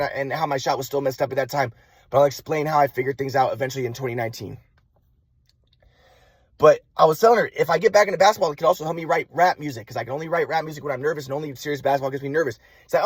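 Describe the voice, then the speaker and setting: Husky high-voiced man with a cold. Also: no echo. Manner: repetitive, halting restarts. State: has a cold. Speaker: vlogger. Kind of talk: rambling personal monologue.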